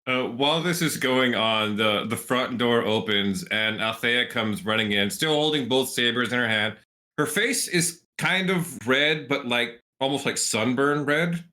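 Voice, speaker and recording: A man's voice: mid-range voice, a little slow. A man narrating scenes as the game master of a tabletop role-playing game. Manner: descriptive, relaxed narration.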